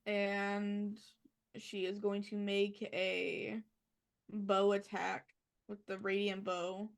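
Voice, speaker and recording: Gravelly-voiced woman playing a tabletop game. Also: medium pitch, level tone, slow pace. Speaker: player. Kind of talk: casual tabletop game play.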